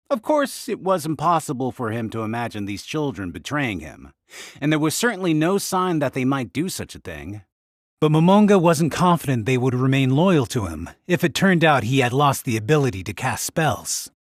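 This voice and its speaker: A man narrating an audiobook in a scripted, expressive delivery. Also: medium pitch, no echo, studio quality.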